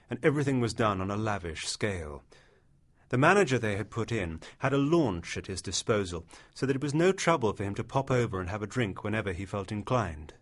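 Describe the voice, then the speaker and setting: A man narrating a literary short story as an audiobook, in a measured storytelling manner. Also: on the low side.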